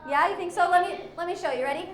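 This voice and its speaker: High-voiced woman teaching kids about animals. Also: quick pace, echoey room. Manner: lively, playful, asks the audience questions. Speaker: zoo educator. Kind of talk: animal presentation for children.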